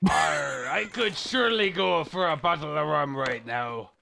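A man voicing a gruff, swaggering male pirate captain with a growled, old-fashioned pirate drawl, heard over a machinima clip. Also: fairly high pitch, unhurried, pitched below the performer's own voice. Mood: hearty. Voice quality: growled pirate accent with archaic grammar. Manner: theatrical, drawling. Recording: game audio mixed under, noisy.

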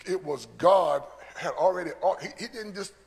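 Earnest male church preacher, high and gravelly, in a reverberant sanctuary. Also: normal speed. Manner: earnest, repeats words when building a point. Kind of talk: sermon teaching. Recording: long church hall reverb.

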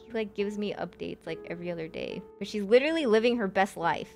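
A woman's voice: mid-range voice, fast, gravelly, hardly any pauses, soft background music. A young woman streamer chatting casually with her viewers and telling a sad personal story, with lots of "like" fillers. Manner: chatty, many fillers like "like", emotional.

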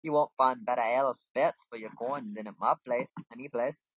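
A man doing a gruff brogue tavern keeper. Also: mid-range voice, fairly quick, no echo, lightly acted. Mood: hearty. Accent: put-on Scottish-style brogue. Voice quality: rough, hearty, calls people laddie. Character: gruff male tavern keeper, coarse and blunt. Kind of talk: reading game dialogue aloud. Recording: dull lo-fi home mic.

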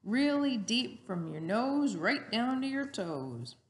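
A woman teacher giving a lesson to young children in a slow, sing-song way. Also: on the high side, sing-song.

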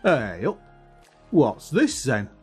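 A man's voice: mid-range voice, huge pitch swings, takes it slowly, a little mellow, husky, soft background music, heavily acted. Swaggering lad, teasing and mocking, voiced by a male narrator in a storybook. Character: cocky teasing young boy.

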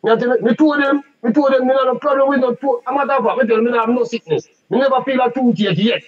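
A man's voice: extremely high pitch, rapid-fire, dull audio. A man in his forties with a Jamaican accent, boastfully arguing in a heated casual debate and talking over the others. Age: 40s.

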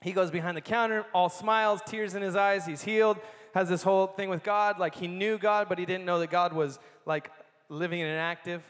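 A man giving a sermon as a personal story, animated and laughing often as he tells it. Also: high voice, a little fast. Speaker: conference speaker. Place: large conference hall. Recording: long hall reverb.

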